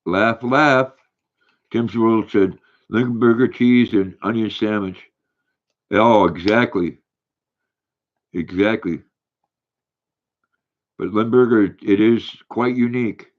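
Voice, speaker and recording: An older man, hosting a casual livestream, rambling and halting as he reads viewer comments aloud. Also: lowish voice, highs cut off. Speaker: livestream host reading chat.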